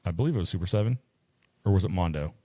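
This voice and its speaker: A man's voice: low-pitched, animated, very fast, mellow, no echo, studio quality. A man co-hosting a podcast in casual chat, swearing a lot and acting out quotes as he tells stories. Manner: profane storyteller, acts out quotes. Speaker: podcast co-host.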